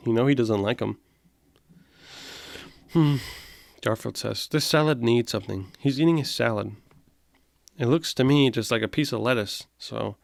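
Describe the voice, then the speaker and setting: A man's voice: mid-range voice, gravelly, no echo. Man ranting in mock outrage, dry sound. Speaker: host. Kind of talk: comedic reading of comic strips.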